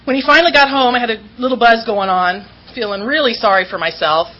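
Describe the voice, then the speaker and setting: A woman's voice: on the high side, fast, bright, forceful tone, highs cut off. A woman from Southern California candidly telling her recovery story at a meeting, self-mocking and acting out what people said.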